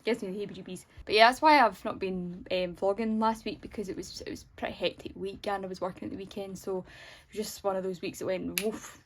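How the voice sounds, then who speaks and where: A woman's voice: medium pitch, steady tone, brisk, slight background noise. A young woman chatting casually in a vlog, rambling along with frequent restarts. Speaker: vlogger.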